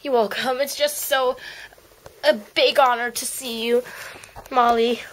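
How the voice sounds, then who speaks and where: A woman's voice: fairly high pitch, a little slow, a little hiss or hum, lightly acted, poor audio. A woman voicing a starstruck young magazine seller in an amateur homemade play, breathless and gushing. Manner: breathless, gushing, keeps saying how excited she is.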